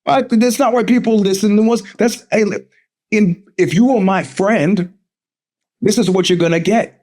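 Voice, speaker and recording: A man's voice: high voice, a little mellow. A man hosting a live podcast, delivering a profane, combative rant with frequent laughs and stammered restarts. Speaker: podcast host. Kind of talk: live-streamed casual monologue.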